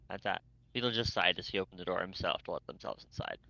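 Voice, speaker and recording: Deep gravelly man reading aloud. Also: quick pace, pushed and bright. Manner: stumbles and restarts words while reading. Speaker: fanfic reader. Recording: dull lo-fi mic, dry.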